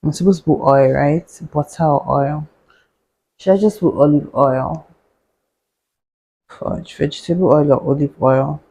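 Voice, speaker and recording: A woman's voice: sits low, measured pace, vocal fry, long pauses, dark tone, husky, rough recording. Sarcastic woman chatting while cooking. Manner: sarcastic, chatty, laughs often, mutters to herself. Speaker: doctor and vlogger. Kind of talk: casual storytime chat while cooking.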